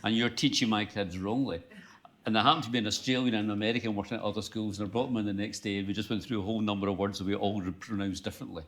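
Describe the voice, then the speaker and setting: A man with a fairly low voice chairs a live book festival Q&A. He talks conversationally, calls on questioners and slips into anecdotes. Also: level tone, racing, hardly any pauses. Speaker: event chair. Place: live festival event, audience present.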